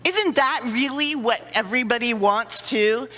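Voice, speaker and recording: A middle-aged woman speaking to a conference audience, telling lively stories and acting out sighs and little scenes. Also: on the high side, a little slow. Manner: animated storyteller, acts out sighs and little scenes. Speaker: conference speaker on dementia care. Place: conference hall. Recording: long reverb of a hall.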